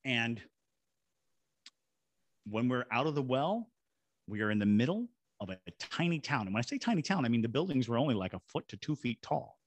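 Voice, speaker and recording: A man's voice: medium pitch, very animated, fairly quick, long pauses, no room sound. A man, a paranormal investigator and ghost tour guide, telling a story as a podcast guest and acting out voices and sound effects. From Savannah, Georgia. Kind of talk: animated storytelling in a podcast interview.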